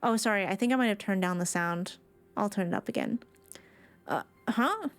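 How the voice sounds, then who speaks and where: A woman's voice: mid-range voice, quick pace, smooth. A woman streamer giving casual, playful commentary on her game, chatty and full of slang and nervous asides.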